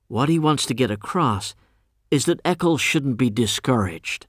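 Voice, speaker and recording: A male audiobook narrator reading a literary novel in a measured, even way. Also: medium pitch, no room sound, studio quality.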